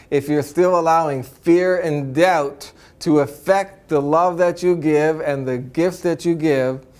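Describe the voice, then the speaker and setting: A man with a fairly high voice teaches spirituality to a live audience. He sounds earnest and upbeat, checks in with a quick "right?" and slips into easy chuckles. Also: a little mellow, clear, resonant tone.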